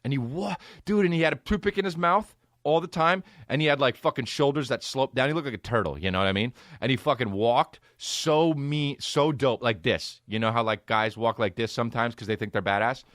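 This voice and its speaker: A man's voice: mid-range voice, brisk, few pauses, fairly bright tone, no room sound, studio quality. A man in his thirties hosting a podcast, telling a rambling, profane, laid-back comedic story. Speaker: podcast host.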